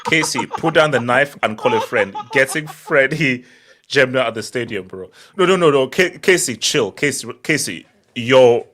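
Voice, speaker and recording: A man hosts a loose football hangout over a video call, reading out comments and joking with his co-hosts. His pitch moves around a lot as he laughs and teases. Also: animated, normal speed, a bit bright, a little hiss or hum. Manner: laughing, teasing, reads comments aloud. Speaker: host reading chat. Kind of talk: casual group chat.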